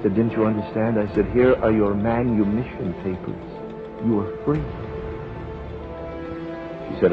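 A man preaching, telling a slow dramatic story that builds to a fervent appeal. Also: fairly low pitch, steady tone. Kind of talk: sermon illustration storytelling. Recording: dull lo-fi sermon recording with music behind.

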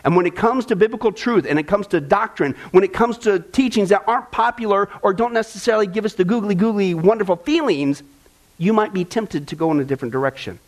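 A man's voice: high-pitched, quick pace. A middle-aged man, a pastor, teaching Scripture in a loose, storytelling way, full of fillers and repeated words, often asking "right?" and "okay?". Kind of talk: Bible teaching.

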